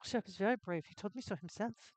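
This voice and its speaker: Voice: medium pitch, no echo, close to an everyday voice, poor audio. A streamer putting on Hildy, an earnest farm girl with a wandering accent. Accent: vague put-on foreign accent. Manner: earnest, simple, slightly halting. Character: young farmer's daughter, cheerful and earnest.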